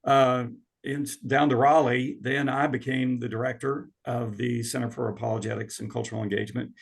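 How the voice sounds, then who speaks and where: A man speaking as a guest professor on a podcast, in a measured, slightly halting way. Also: mid-range voice, little pitch movement, creaky. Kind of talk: casual interview.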